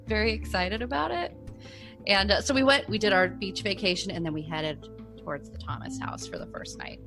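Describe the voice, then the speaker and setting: A woman's voice: sits low, moderate pace, a bit bright, faint music behind. Rambling woman co-host telling a story. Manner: rambling, with lots of "like" and laughs. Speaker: podcast co-host. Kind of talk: casual storytelling chat.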